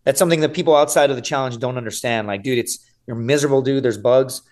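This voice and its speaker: Give me a man in his thirties with a voice of middling pitch, recounting a story on a podcast in a loose, animated way, peppering his talk with "dude" and "right?" and the odd curse word. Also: fast talker. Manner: animated, swears freely, says "dude" and "right?" often. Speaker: podcast guest, survival show contestant. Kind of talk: casual interview storytelling.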